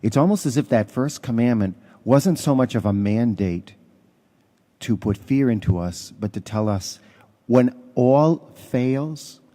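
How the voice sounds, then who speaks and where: A man's voice: mid-range voice, mellow. A man, a parish priest, giving a conversational homily with stories and some fillers. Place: church.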